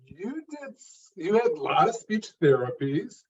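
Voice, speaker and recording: A man's voice: high voice, big pitch swings, measured pace, slightly rough. A man hosting an interview, asking his guest questions in a friendly way. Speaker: interview host. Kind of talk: interview conversation. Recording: dull lo-fi sound.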